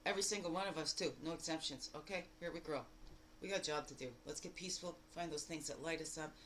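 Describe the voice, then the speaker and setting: A woman giving a daily spiritual card reading in a lively, exclamatory way, full of rhetorical questions and repeated phrases. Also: quick pace, slight background noise, low-quality recording. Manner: animated, jumping between loud bursts and low asides. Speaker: spiritual guide.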